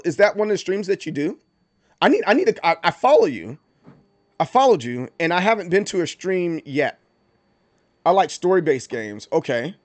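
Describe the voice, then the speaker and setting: A male streamer talks in a relaxed, chatty way, repeating himself as he restarts sentences and then working up into playful mock indignation. His voice sits a bit higher than most men's. The sound is close and dry, with no room around it. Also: no room sound. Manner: animated, stammering restarts, mock outrage. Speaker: livestream host. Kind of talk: casual livestream chat.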